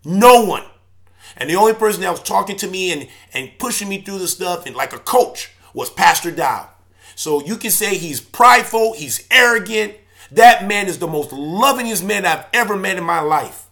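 A church elder speaking in an emotional, preaching personal video monologue. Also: male voice, high voice, expressive, moderate pace, gravelly. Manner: impassioned, preaching tone, swings from loud to subdued.

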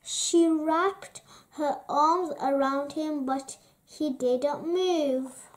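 A woman reads a children's storybook aloud, gentle and expressive. Her voice sits high, and she takes every phrase very slowly, pausing between them. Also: a little hiss or hum. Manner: slow, gentle, expressive reading. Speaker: storybook reader.

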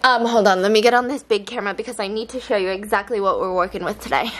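A woman's voice: medium pitch, quick pace. A young adult woman talking casually to her viewers in a vlog, chatty and self-mocking, giggling often. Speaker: vlogger. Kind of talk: casual vlog chat with sponsor read.

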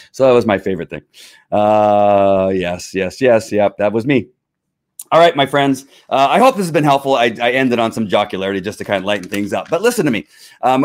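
A middle-aged man, a former police officer, telling stories in a casual monologue, rambling with many fillers and frequent chuckles. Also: medium pitch.

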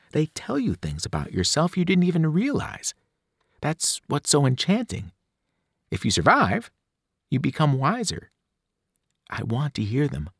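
A man's voice: a little high, breathy edge, no echo, clean studio sound, voice pushed up, heavily acted. An earnest, clever teen girl, read by a man. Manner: earnest and grim. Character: serious, clever teenage girl.

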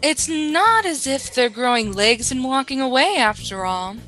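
A woman voicing a suave, smooth-talking young male pigeon student, speaking low, slow and formal while reading game dialogue aloud. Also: animated, sharp tone, faint music behind, heavily acted.

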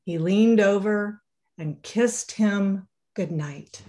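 A woman pastor reading a children's picture book aloud during a sermon, in a gentle, expressive storytelling manner. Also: mid-range voice, slow pace.

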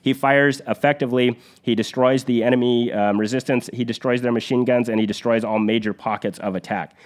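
A man's voice: mid-range voice, steady tone, brisk. A man hosting a podcast, retelling a battle story in an earnest, vivid conversational way, with restarts and fillers. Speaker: podcast host.

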